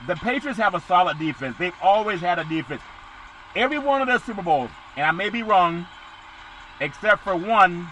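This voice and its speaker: A man talking sports on his podcast, running casually through the upcoming football games. His voice sits a touch on the high side, and he breaks into jokey, louder bursts now and then. Street traffic rumbles clearly behind him outdoors. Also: a little fast, low-quality recording. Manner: rambling and jokey, with loud bursts.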